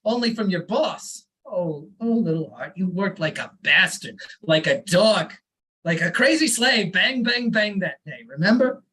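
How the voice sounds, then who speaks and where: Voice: medium pitch, animated, a little slow, pushed and bright, breathy edge, exaggerated voice, rough recording. A performer voicing an elderly immigrant father who lectures earnestly, reading a story aloud at an open mic. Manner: fussy, insistent advice-giving.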